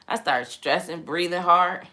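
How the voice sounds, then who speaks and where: Young woman host, lowish voice with a bright, forceful edge; casual, animated livestream talk. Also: a little slow. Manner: animated, exclamatory, addresses viewers directly.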